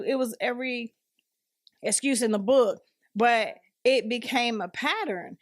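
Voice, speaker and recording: A woman's voice: on the high side, steady tone, moderate pace, no echo, studio quality. A woman as a podcast guest, sharing her personal story earnestly and acting out what others said. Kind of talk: personal testimony in conversation.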